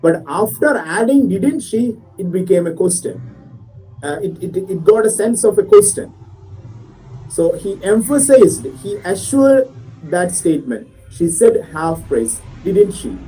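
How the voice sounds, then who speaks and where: Male teacher, Malayali English, dark mellow voice, classroom grammar lesson, mic set back with faint music. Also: high voice, recorded from a distance, rough recording. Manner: explains patiently, checks understanding with students.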